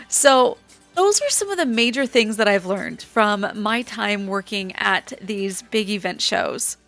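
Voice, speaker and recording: A young woman chatting to camera, telling stories in a lively way and acting out what people said. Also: medium pitch, measured pace, creaky, soft background music. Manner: chatty, animated, acts out quotes. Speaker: vlogger. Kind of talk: casual storytelling to camera.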